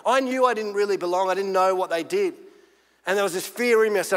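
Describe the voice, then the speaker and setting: High-voiced Australian pastor preaching. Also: male voice, brisk, big-room sound. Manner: animated storytelling, earnest and emphatic. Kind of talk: sermon.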